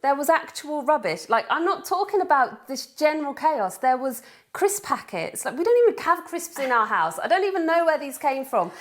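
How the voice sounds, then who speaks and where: A woman's voice: sits high, normal speed. A British woman in her thirties co-hosting a parenting chat show, telling stories animatedly and acting out the dialogue. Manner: animated storyteller who acts out quoted dialogue. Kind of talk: casual studio chat.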